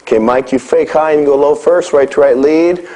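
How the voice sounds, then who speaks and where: A man's voice: a little high, moderate pace, warm tone, poor audio. A middle-aged man teaching a martial arts class, calling out drills to his students and often checking in with "okay?". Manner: coaching, calls out drills, frequent "okay?". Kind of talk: live instruction to a class.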